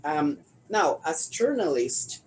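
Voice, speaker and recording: A man from Honduras hosting an interview, speaking haltingly and repeating words as he searches for phrasing. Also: on the high side, sing-song, darkish tone, slight background noise, rough recording. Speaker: interviewer, host. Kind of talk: casual interview conversation.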